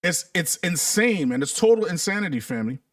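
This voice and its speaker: A man's voice: a little high, big pitch swings, fairly quick, a bit bright, no echo, studio quality, distant mic. A man hosting a casual livestream, talking emphatically and a bit preachily, and calling his viewers "family" and "y'all". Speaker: livestream host.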